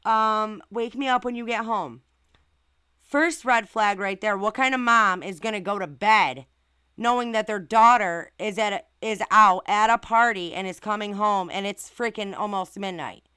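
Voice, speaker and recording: Woman host, casual stream commentary, indignant and blunt, bright clear tone, dry close sound. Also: mid-range voice, moderate pace, no room sound. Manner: outspoken, indignant, swears and asks rhetorical questions. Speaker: channel host reading viewer comments.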